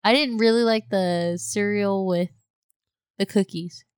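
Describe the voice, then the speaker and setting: A woman with a smooth, mid-pitched voice banters bluntly in a casual chat. Her sound is dry and close to the mic, with no room echo. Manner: blunt, bantering, quick to react. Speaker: podcast co-host.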